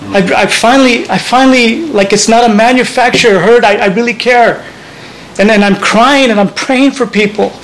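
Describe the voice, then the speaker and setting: A man's voice: very high-pitched, moderate pace, fairly bright tone, a little hiss or hum, low-quality recording. A man preaching a sermon as pastor, earnest and conversational, often restarting his phrases.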